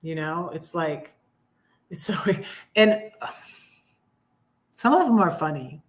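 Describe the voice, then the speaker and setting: A woman's voice: deep voice, lively intonation, slow. A middle-aged woman hosting a live stream, rambling and sarcastic, getting heated about politics. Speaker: livestream host. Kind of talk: casual political rant.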